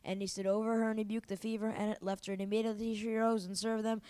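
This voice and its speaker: A woman reading a scripture passage aloud in a brisk, plain manner. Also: medium pitch, little pitch movement, warm tone, clean tone, dry recording.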